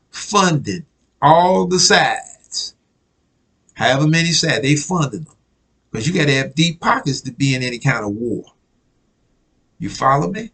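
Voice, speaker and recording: A man's voice: fairly high pitch, gravelly, a bit bright, rough recording. A man preaching a casual sermon, reading news clippings aloud and often asking if listeners follow him. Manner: conversational, keeps asking "you follow me?"; repeats himself, restarts words.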